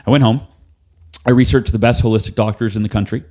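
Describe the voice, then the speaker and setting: A man as a podcast guest, telling a personal story in an animated way, acting out what people said and swearing casually. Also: lowish voice, fast. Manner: animated, acts out quoted dialogue, casual swearing. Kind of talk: storytelling in a conversational interview.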